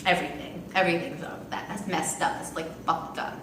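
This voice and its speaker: A young adult woman telling a casual storytime to the camera, chatty and animated with lots of fillers. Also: lowish voice, brisk, recorded from a distance, background noise. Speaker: vlogger. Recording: echoey room from off-mic.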